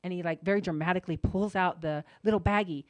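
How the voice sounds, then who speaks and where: A woman co-hosting a radio talk show, telling a story in a casual, animated way with lots of "like" and "you know", and acting out the other people's voices. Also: fast talker, dry recording. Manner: animated, acts out quoted voices with big pitch jumps.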